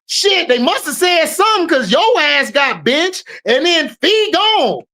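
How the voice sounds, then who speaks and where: A woman's voice: sits high, very animated, a little slow, pushed and bright. A woman hosting a casual sports recap, trash-talking and mock-scolding players. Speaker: show host, sports commentator.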